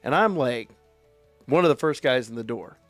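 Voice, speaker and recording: A man streaming live, telling a profane, animated story in a casual way. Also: medium pitch, moderate pace, no room sound, soft background music. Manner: profane, animated anecdote with quoted voices.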